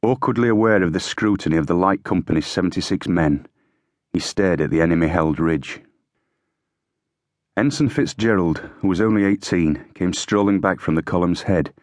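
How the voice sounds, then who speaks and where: A man narrating an audiobook in a steady, measured reading. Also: deep voice, dry recording, studio quality. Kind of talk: scripted narration.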